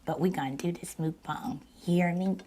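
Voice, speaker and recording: A woman with a sore throat, hosting a mukbang and slowly retelling a story to her viewers in a casual way. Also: lowish voice, fairly even intonation, warm tone. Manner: slow, deliberate retelling with repeats. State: sore throat, partly lost voice. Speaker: mukbang channel host.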